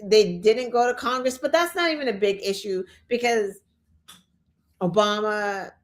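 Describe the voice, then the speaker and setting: A woman's voice: medium pitch, a little slow. A woman hosting a show, ranting in an exasperated way, full of rhetorical questions and "like" and "right?". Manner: fillers like "like" and "right?". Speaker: show host. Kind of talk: opinion rant.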